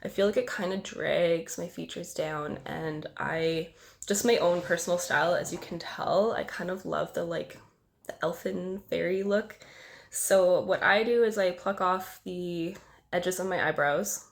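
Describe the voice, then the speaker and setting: A woman's voice: on the low side, measured pace, vocal fry, slight background noise. A young woman vlogger with a cold, sounding nasal and congested, talking casually to camera and rambling self-consciously with lots of filler words. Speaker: beauty vlogger.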